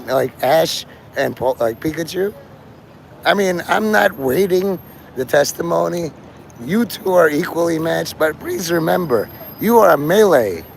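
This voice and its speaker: A man with a somewhat high, gravelly voice rambles through a profane, free-associating live stream. He talks straight to his chat from outdoors on a city street, with faint noise behind him. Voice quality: gravelly, strained voice he calls his normal one. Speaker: livestreamer.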